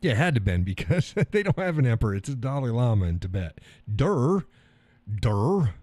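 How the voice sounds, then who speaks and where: With no room sound, a mid-range, darkish voice comes through very animated and quick. He's a middle-aged man hosting a live stream, loosely chatting through viewer comments while swearing casually and chuckling often.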